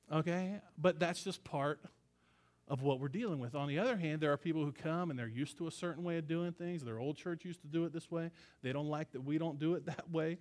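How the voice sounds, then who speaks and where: A man's voice: fairly high pitch, fairly quick. A man who is a pastor, preaching a conversational sermon in a casual, emphatic way with slangy asides.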